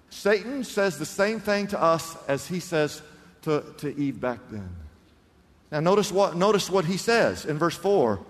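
A man preaching a sermon as pastor, animated, swinging from loud declarations to hushed words. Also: fairly high pitch, measured pace, long reverb tail.

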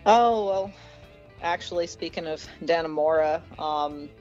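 A woman's voice: deep voice, a little slow. A woman actress chats casually as a podcast guest, laughing often and keeping her next project under wraps. The sound is a little dull and lo-fi, with faint music beneath. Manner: warm, laughs often, guarded about upcoming work. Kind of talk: casual interview chat.

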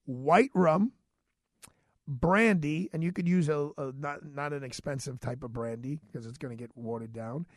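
A man hosting a radio show, telling a story in a chatty, animated way and acting out the dialogue. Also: a little high, moderate pace, no room sound, clean studio sound. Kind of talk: casual storytelling monologue.

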